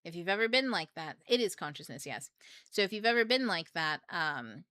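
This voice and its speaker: A woman's voice: lowish voice, big pitch swings, a little fast, sharp tone, clear, resonant tone, no room sound. A young woman hosting a book club livestream, talking in a rambling, joking, profane way. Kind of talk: casual livestream talk.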